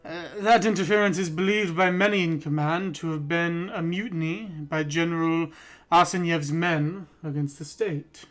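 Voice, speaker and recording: A man's voice: fairly high pitch, steady tone, moderate pace, a bit bright, natural voice. A man voicing a formal male officer addressing parliament in a tabletop game.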